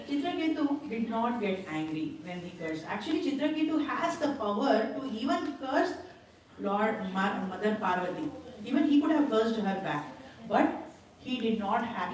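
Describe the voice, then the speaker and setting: A woman's voice: fairly high pitch, a little mellow. A woman giving a scripture class in a temple hall, retelling a story with acted quotes and bursts of laughter. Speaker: spiritual class speaker. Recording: very echoey hall, voice from far off.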